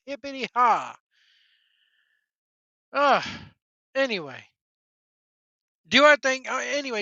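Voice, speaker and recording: A wrestling vlogger vents his opinions in a blunt, sarcastic way, swearing casually. His voice is bright and forceful. The recording sounds dry and a little dull. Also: medium pitch, no room sound.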